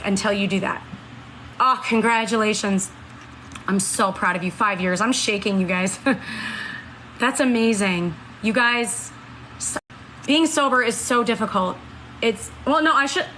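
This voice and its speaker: Woman, late thirties, bright, clear tone. Casual live-stream chat answering viewers, earnest, faint background hiss. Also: mid-range voice, unhurried, low-quality recording. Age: 30s. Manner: earnest, reads and answers comments.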